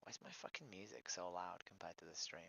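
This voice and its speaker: Persistent bright-voiced male activist streamer. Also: deep voice, steady tone, quick pace, gravelly, husky, dry recording. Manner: persistent, repeats his opening line, probing questions. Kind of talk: street-outreach style questioning on voice chat. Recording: dry lo-fi stream audio.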